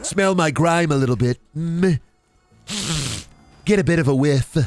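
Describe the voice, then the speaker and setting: Man putting on a nerdy suitor, smarmy, old-fashioned wording, higher than his usual voice, wheedling. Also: unhurried, no echo, soft background music, close to an everyday voice. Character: awkward nerdy young man courting a lady.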